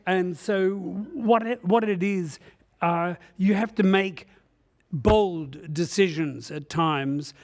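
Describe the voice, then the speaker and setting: A man with a high voice speaks slowly while presenting at a conference. In the session room, he jokes and rambles like a storyteller, dropping frequent "uh"s.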